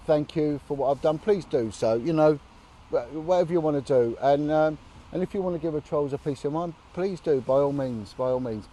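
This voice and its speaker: On a long walk, a man sits on a bench by a road and chats casually to camera outdoors, his voice on the high side with a dark tone. He speaks earnestly and indignantly, with blunt swearing.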